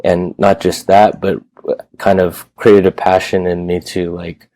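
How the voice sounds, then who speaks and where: A man's voice: low-pitched, little pitch movement, a little slow, warm tone, no echo. A man in his thirties, a gym owner telling his story in a loose, rambling way, with casual swearing. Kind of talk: casual interview chat.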